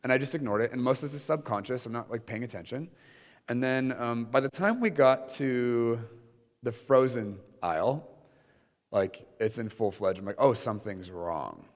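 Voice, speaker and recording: A man's voice: medium pitch, normal speed, in a large hall. A young adult man leading an informal teaching session before a room of listeners, talking conversationally with many fillers and acted-out quotes.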